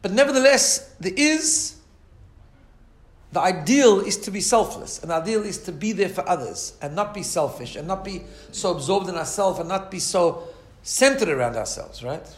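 A man's voice: high voice, lively intonation, normal speed, echoey room. A man teaching a Torah class in a conversational way, often asking "right?" and acting out the voices in his stories. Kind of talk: Torah lecture.

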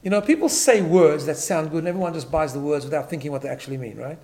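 Emphatic rabbi with a higher voice. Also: male voice, fast talker, a little mellow. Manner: emphatic, repeats words, tags lines with "right?". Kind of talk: Torah class talk.

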